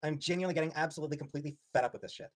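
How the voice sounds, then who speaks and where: Man, livestreamer, quick speech, somewhat high pitch, irritated, swearing. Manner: irritated, swearing, snapping at chat. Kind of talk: livestream rant.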